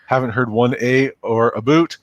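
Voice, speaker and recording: A man's voice: medium pitch, fairly even intonation, moderate pace, dry recording. Canadian man co-hosting a podcast. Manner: chatty, laughs easily, restarts phrases. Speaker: podcast co-host. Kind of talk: casual podcast chat.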